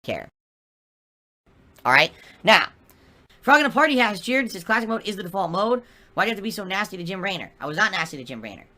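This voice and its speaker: Fast, bright-voiced defiant streamer. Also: mid-range voice, very animated. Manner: defiant, dismissive. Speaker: streamer in clip. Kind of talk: live stream talk.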